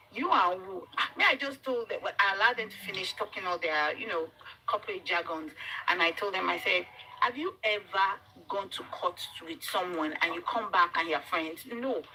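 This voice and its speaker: A woman's voice: medium pitch, a little hiss or hum, rough recording. A Nigerian woman whose first language is Yoruba, telling a workplace story in casual chat and acting out what people said. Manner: animated storytelling, acts out quoted exchanges, repeats words. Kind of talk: casual chat, switching between English and Yoruba.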